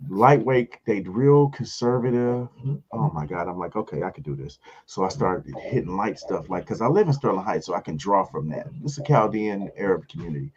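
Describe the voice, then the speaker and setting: A man, a comedian hosting a casual show and telling a story, acting out other people in high voices. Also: moderate pace, highs cut off, a little hiss or hum. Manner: animated storyteller, acts out voices in high pitch.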